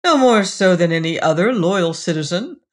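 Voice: mid-range voice, expressive, moderate pace, close to an everyday voice. Give me a reader playing an uneasy young man, earnest and insistent.

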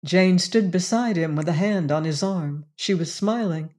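A woman narrating a novel as an audiobook reader, in a measured, expressive reading. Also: on the low side. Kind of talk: scripted narration.

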